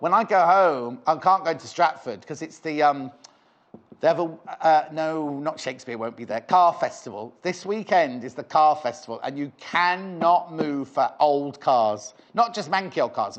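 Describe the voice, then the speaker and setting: A man presenting fabric on a live shopping channel, chatting in a rambling, playful way between prices. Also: fairly high pitch. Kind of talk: live TV sales chat. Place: TV studio.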